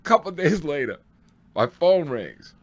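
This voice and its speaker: A man, a stand-up comedian, telling road stories in a loose, excitable way, laughing and swearing as he goes. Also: fairly high pitch, unhurried. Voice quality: excitable, swears freely, laughs through punchlines. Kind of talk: animated storytelling.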